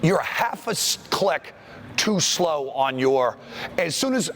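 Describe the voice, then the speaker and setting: High, gravelly-voiced basketball coach barking drills. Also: male voice, very animated, noisy background. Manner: brisk commands, calls out plays. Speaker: basketball coach leading a clinic. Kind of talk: on-court coaching drill instruction. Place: school gym.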